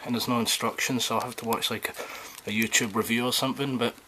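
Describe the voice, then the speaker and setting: A man's voice: mid-range voice, fairly even intonation, fast talker, sharp tone. Guy unboxing stuff at home, swears a lot, rambly and self-mocking, noisy recording. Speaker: vlogger unboxing a controller keyboard. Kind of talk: casual unboxing vlog.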